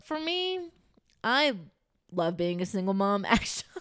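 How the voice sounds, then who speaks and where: A woman's voice: mid-range voice, big pitch swings, measured pace, a bit bright, clear, resonant tone. A young woman in her twenties co-hosting a podcast, talking casually and animatedly with heavy use of "like". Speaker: podcast co-host. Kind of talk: casual chat.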